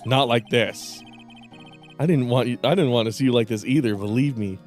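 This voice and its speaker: A man doing a slow, disdainful nasal prosecutor. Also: mid-range voice, faint music behind, lightly acted. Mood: gloomy. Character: haughty male prosecutor in a detention cell.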